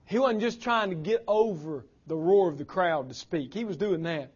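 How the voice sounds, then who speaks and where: A man preaching a sermon as pastor, impassioned, his voice swinging from loud declarations to hushed lines. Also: high-pitched, normal speed, slightly rough, lo-fi sound.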